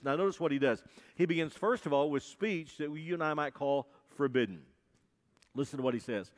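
A man preaching a sermon to a congregation, emphatic and repetitive, often pausing to ask the listeners questions. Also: fairly high pitch. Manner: emphatic, repeats key phrases, asks the congregation questions. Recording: long hall reverb.

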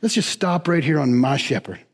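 A man preaching a sermon as pastor in a church, animated and emphatic, repeating key words. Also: on the high side, moderate pace, slightly rough, in a large hall.

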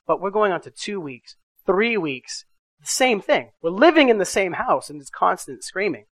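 Male pastor, middle-aged, sermon storytelling, dynamic loud-to-quiet delivery, dry close mic. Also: sits high, normal speed, no echo. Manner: animated storytelling with swings from loud to soft.

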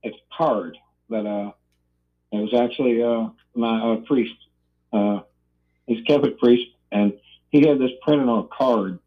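A man's voice: medium pitch, measured pace, long pauses. A man who is a guest chef on a podcast, chatting casually in a hesitant way with many uhs. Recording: tinny phone line.

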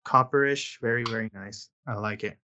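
A man's voice: mid-range voice, normal speed, sharp tone, lo-fi sound, slight background noise. A man co-hosting a whiskey podcast in casual chat, teasing and joking. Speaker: podcast co-host.

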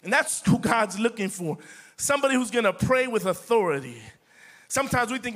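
Pastor, middle-aged man, high and bright, impassioned repetitive preaching. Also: lively intonation, fairly quick. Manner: impassioned preaching, repetitive, addresses the congregation as church. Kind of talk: sermon.

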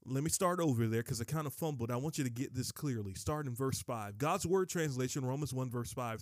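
A man from North Carolina with a rural Southern accent, hosting a casual Bible teaching podcast in a lively, folksy way, rushing through asides and slowing down for scripture. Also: on the high side, no room sound, studio quality. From Kinston, North Carolina, USA. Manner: lively, folksy, swings between fast asides and slow emphatic reading.

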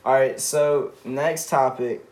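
A man's voice: mid-range voice, fairly even intonation, slow pace, darkish tone. A young man co-hosting a casual chat, speaking earnestly and reflectively with many "like"s. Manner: earnest, reflective, filler-heavy. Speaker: podcast co-host.

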